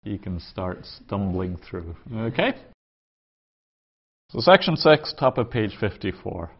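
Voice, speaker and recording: A man teaching a Hebrew grammar class around a table, explaining patiently and sounding out words slowly. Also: fairly low pitch, very animated, slightly rough, dull audio.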